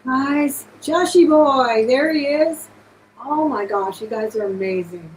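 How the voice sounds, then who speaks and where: Woman, live-stream auction host, casual chat, gushing and thankful, slightly high voice. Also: takes it slowly, slight background noise, low-quality recording. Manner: effusive, gushing thanks to viewers.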